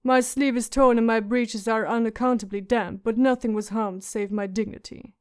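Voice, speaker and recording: A woman's voice: a little high, steady tone, normal speed, close to an everyday voice. A woman voicing a sardonic, witty dwarf lord who speaks in a dry, mocking way. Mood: wry.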